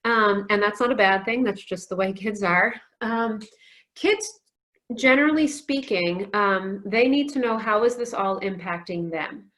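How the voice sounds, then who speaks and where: A woman's voice: medium pitch, a little slow. A woman in her forties, a counselor giving a conference talk, telling stories with frequent "um" fillers. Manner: warm storytelling with frequent "um" fillers. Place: virtual conference.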